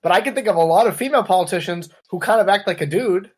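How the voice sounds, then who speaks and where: His voice sits high and a little mellow, and he talks at a racing clip. He co-hosts a webcam podcast about politics, riffing with casual sarcasm and doing voices for quotes.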